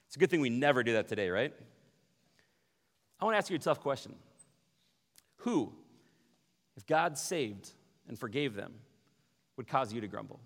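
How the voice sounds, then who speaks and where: A man preaching a sermon as pastor, animated, often acting out quoted voices. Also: mid-range voice, creaky. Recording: long hall reverb.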